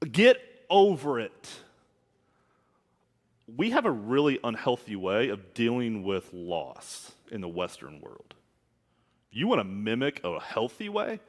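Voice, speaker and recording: A man's voice: mid-range voice, sharp tone. A man preaching a sermon as a minister, speaking candidly and conversationally with asides. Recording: long hall reverb.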